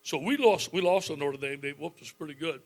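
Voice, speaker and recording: A man's voice: fairly high pitch, a little fast. Folksy fifty-something man telling stories. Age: 50s. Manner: folksy, animated storytelling with frequent chuckles. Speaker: football coach giving a club speech. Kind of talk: storytelling speech to a club audience.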